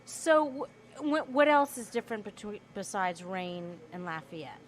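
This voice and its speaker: A woman co-hosting a podcast, asking unhurried questions. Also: mid-range voice, animated, slight background noise. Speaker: podcast co-host. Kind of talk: casual podcast interview.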